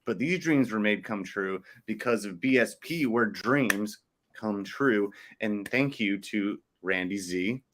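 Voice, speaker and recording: A man co-hosting a casual sports podcast, playful and jokey, slipping into quick rhyming riffs. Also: lowish voice, lively intonation, noisy background. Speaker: podcast co-host.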